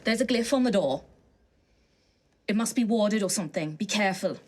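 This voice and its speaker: A woman's voice: medium pitch, lively intonation, moderate pace, close to an everyday voice. A woman voicing an earnest adventurer hero. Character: adventurer hero introducing themself.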